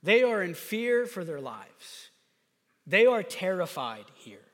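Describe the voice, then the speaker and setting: A man preaching a sermon in a conversational, animated way that builds to fervent emphasis. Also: high voice, takes it slowly. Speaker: pastor. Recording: long hall reverb.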